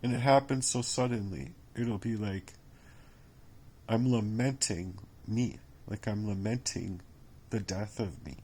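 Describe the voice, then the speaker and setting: Weary, bitter man with a low voice. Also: dark tone, husky. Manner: bitter, sarcastic and profane; repetitive, halting phrasing. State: exhausted and worn down. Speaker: vlogger. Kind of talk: rambling personal monologue.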